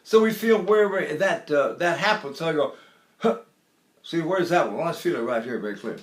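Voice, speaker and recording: A man's voice: fairly high pitch, lively intonation, fast, reverberant. An older man teaching a singing lesson, explaining technique and breaking into short sung exercises. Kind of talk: singing lesson with vocal demonstrations.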